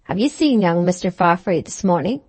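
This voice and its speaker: A woman's voice: fairly low pitch, animated, brisk, a little mellow, slightly rough. A woman reading a middle-aged male farmer in an audiobook, plain-spoken and grumbling.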